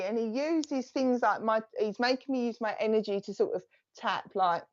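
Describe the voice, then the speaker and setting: A woman's voice: fairly high pitch, normal speed, few pauses, dull audio. A woman with an Essex accent giving a live psychic reading, relaying messages in a chatty, reassuring way. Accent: Essex English. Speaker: psychic medium.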